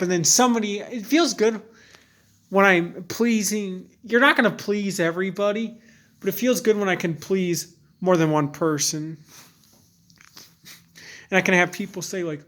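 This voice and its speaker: A young man talking candidly to camera in a rambling, halting way, full of fillers and restarts. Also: high voice, a bit bright. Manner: earnest and candid. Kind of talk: personal vlog monologue.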